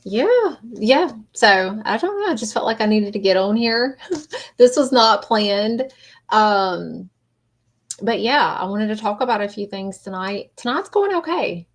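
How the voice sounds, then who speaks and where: A woman's voice: medium pitch, expressive. Emotional woman livestreaming. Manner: halting, rambling, greets viewers often. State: emotional, near tears. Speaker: livestream host. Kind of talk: casual livestream chat.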